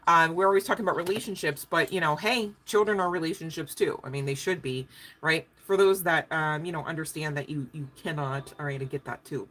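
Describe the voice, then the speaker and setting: A woman's voice: deep voice, fairly bright tone. A woman giving a casual livestream tarot reading, chatty and profane, laughing often. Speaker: tarot card reader.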